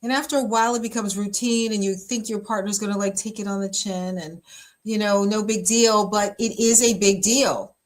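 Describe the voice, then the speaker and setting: A woman's voice: mid-range voice, fairly even intonation, normal speed. A woman pastor giving easygoing relationship advice in a mid-range voice. She talks in a chatty, emphatic way, with plenty of fillers and asides as she drives her points home. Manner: chatty and emphatic, many fillers, frequent laughs. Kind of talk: casual relationship advice talk.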